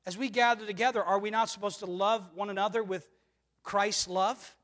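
High-voiced preacher in an echoing hall. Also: male voice, steady tone, moderate pace, a bit bright. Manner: earnest preaching, rhetorical questions, swells and drops in volume. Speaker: pastor. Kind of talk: sermon. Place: church sanctuary. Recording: long reverb of a church hall.

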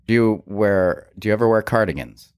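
A man's voice: fairly low pitch, expressive, moderate pace, a little mellow, clear, resonant tone, no echo, clean studio sound. A man co-hosting a podcast, asking playful, joking questions in casual chat. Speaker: podcast co-host.

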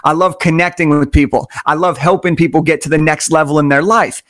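A man telling stories as an interview guest, energetic and enthusiastic, stressing his points through repetition. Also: a little high, brisk. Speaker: podcast guest. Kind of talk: conversational storytelling.

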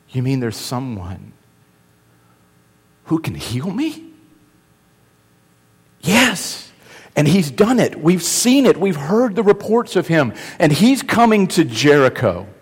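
A man preaching a sermon, telling the story with animated delivery that swings from loud cries to hushed asides. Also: a little high. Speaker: pastor. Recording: long reverb of a large hall.

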